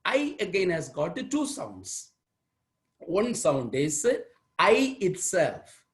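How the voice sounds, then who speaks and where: Tamil-accented indian english trainer, online class on a video call, goes real slow, voice jumps around a lot, says stuff twice. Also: mid-range voice, wildly swooping pitch. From Tamil Nadu, India. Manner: slow, repetitive, emphatic teaching. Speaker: aptitude trainer. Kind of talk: online workshop lecture on English pronunciation.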